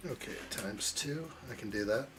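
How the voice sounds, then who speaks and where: A man's voice: fairly low pitch, animated, normal speed, over music. A man hosting a live building stream, chatting casually and jokingly with viewers as he reacts to the chat. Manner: jokey, chuckling, reacts to chat.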